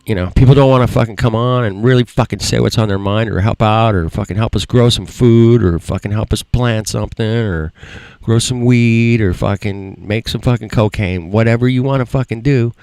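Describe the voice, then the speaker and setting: Low gravelly dude ranting on his stream, cussing nonstop, dry close sound. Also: moderate pace, few pauses, darkish tone, no echo. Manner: profane, rambling, bitter. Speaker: livestream host. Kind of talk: frustrated rant.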